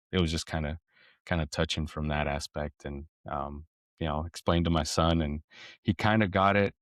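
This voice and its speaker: A parenting podcast co-host with a deep, low voice tells a family story in casual conversation. He wanders, restarts often, and turns reflective, while the close, dry recording carries no room sound at all.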